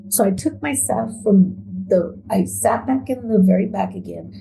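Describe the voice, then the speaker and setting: Halting, gravelly-voiced woman recounting trauma. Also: medium pitch, rough recording. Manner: halting, hesitant, with fillers and repeats. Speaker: survivor telling her story. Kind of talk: emotional first-person account.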